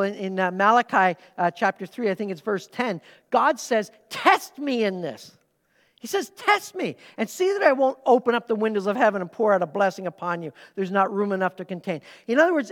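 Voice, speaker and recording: A male pastor preaching a sermon in a church, telling personal stories with lively asides and questions to the congregation. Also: high voice. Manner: animated, conversational, with asides to the audience. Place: church sanctuary during a service. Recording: long reverb of a large hall.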